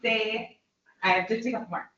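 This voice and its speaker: A woman runs a training workshop, calling out prompts for her listeners to answer back. Her voice is bright and somewhat high. She is recorded from a distance in an echoey room, and the sound is dull. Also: fairly even intonation, a little hiss or hum. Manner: leading quick call-and-response drills. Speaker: workshop presenter.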